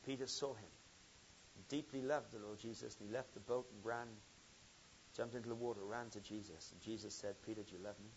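A man preaching a sermon, telling a story with swings from loud emphasis to quiet intensity. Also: on the low side, steady tone, a little fast, highs cut off, a little hiss or hum.

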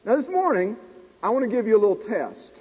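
A man in his forties preaching a sermon, an animated storyteller who pokes fun at himself in front of a live congregation. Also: sits high, a little fast, husky. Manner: animated, self-deprecating storyteller talking to a live audience. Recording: tinny lo-fi recording in a reverberant hall.

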